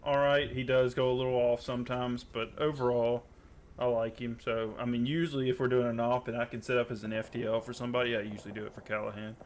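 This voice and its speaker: A man in relaxed, hesitant chat with teammates while playing a game. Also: mid-range voice. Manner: easygoing, measured, hesitant. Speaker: channel host and player.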